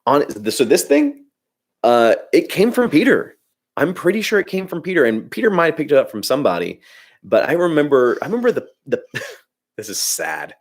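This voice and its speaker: A man hosting a casual livestream, rambling and ranting about filmmaking with lots of restarts and reading chat comments aloud. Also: medium pitch.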